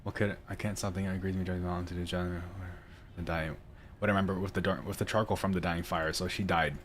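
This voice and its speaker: Low-voiced male gaming host, reads lore aloud casually, laughs and trips over words. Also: fairly even intonation, fast talker, a little hiss or hum. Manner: chatty, laughs often, stumbles while reading. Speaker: let's play host.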